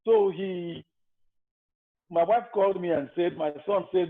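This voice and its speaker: An older man from Nigeria, a guest telling his story in a calm, measured interview manner. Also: sits high. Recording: tinny phone-like line.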